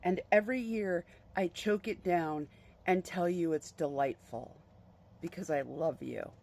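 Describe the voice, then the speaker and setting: Brief: narrator playing a good-humored husband, even and calm, teasing, matter-of-fact. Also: medium pitch, measured pace, vocal fry. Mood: tender.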